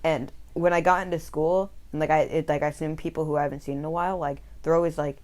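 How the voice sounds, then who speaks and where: A man's voice: a little high, steady tone, fast, darkish tone. A teenage boy from Minnesota whose voice is breaking, co-hosting a casual podcast and rambling with lots of "like" and restarts. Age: teens. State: voice breaking with puberty. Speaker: podcast co-host. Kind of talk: casual chat.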